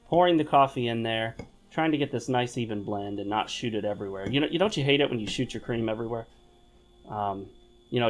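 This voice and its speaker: A man hosting his own gaming channel, talking to viewers in a rambling, chatty way while he plays at his home desk. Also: mid-range voice. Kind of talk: casual gameplay commentary.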